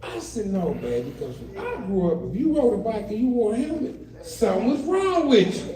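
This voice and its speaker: An older man with a high-pitched voice, big pitch swings and a slightly fast delivery performs stand-up at an adult day center, telling family stories and acting out both the kids' voices and his own. The recording is from a roomy indoor space with a live audience, the mic placed at a distance and crowd laughter audible.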